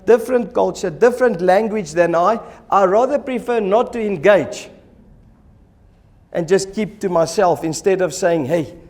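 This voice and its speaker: Man, pastor, sermon in a church, animated delivery, acts out voices, fairly high voice.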